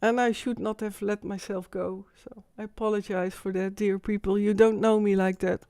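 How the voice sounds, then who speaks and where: A woman's voice: medium pitch, flat delivery, normal speed, dark tone, clear, resonant tone, dry recording, clean studio sound. A woman hosting an emotional live-stream monologue, shaken and insistent, often repeating herself.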